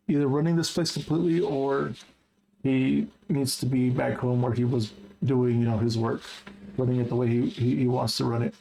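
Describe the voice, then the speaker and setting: A man's voice: mid-range voice, vocal fry, a little mellow, slight background noise, poor audio. A man casually recapping a book he read, chatty and wry with lots of asides. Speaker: book journal vlogger.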